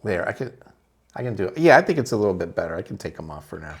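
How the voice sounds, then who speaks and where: A man's voice: low-pitched, sing-song, rapid-fire. A man co-hosting a casual podcast, recapping a TV episode in an easygoing, agreeable way. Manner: easygoing, agreeable, many short affirmations and laughs. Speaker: podcast co-host.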